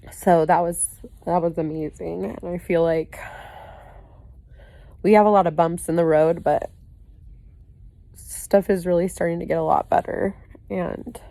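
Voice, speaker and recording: A woman's voice: on the low side, gravelly, warm tone, no room sound. A woman giving a candid, rambling personal video update, full of "you know" and "like" fillers and casual swearing. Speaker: vlogger.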